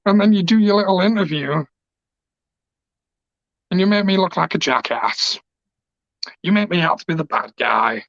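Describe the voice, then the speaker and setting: A man's voice: high voice, expressive, moderate pace, gravelly, pauses often, fairly bright tone, dry recording. A man, a pro wrestler cutting an emotional, passionate, rambling promo. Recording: dull lo-fi dry recording.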